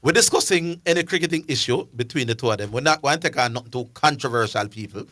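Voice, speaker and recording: A man's voice: mid-range voice, quick pace, fairly bright tone. A man with a Jamaican accent hosting a live sports call-in radio show, chatting in a loose, bantering way. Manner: bantering, informal, loose phrasing. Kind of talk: casual live radio chat.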